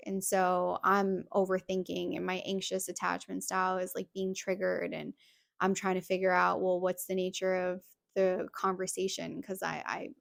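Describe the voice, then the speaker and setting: A woman's voice: lowish voice, creaky, no echo, studio quality. A woman hosting a podcast, candidly telling a personal story and recounting back-and-forth dialogue in a casual way. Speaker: podcast host.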